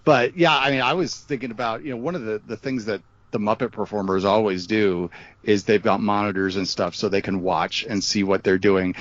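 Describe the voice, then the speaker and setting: A man's voice: fairly low pitch, fairly even intonation, brisk, no room sound, muffled recording. A man appearing as a guest on a film podcast, chatting in a rambling way with restarts and many filler phrases. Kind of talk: casual chat.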